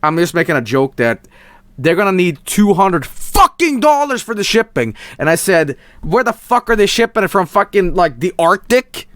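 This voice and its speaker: Excitable Swedish man streaming, dry close sound. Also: high-pitched, normal speed, no room sound. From Sweden. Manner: excitable, swings between mumbling and shouting, swears a lot. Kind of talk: casual live-stream chat.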